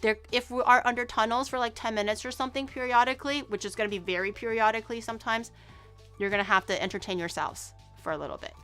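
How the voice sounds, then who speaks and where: A woman VTuber chatting casually on a live stream, her voice bright and a little high. She rambles, giggles often and restarts her sentences. Soft music plays faintly under her talk. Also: fast.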